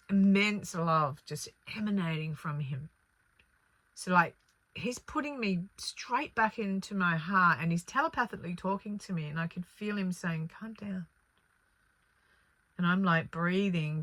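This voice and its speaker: A woman who works as a spiritual channeller, telling a personal spiritual story in an earnest, animated way with many fillers. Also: on the low side, dry recording.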